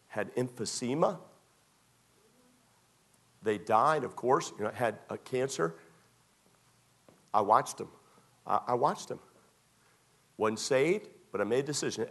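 A man preaching a sermon from the pulpit in a middle-pitched voice. He hammers phrases again and again, then often drops to a quiet, low-key tone. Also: animated, slow, pauses often. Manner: emphatic, repetitive, often dropping to a quiet tone. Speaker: pastor.

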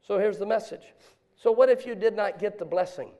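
High-voiced preaching man. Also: a little fast, muffled recording. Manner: swings from quiet confessional storytelling to loud preaching. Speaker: pastor. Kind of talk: sermon.

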